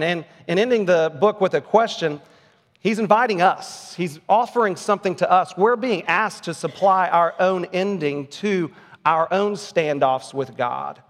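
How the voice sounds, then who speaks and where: A pastor delivers a sermon in an earnest, emphatic way, leaning on rhetorical questions. His voice sits a little higher than most men's. Long reverb rings out behind him, as in a large hall.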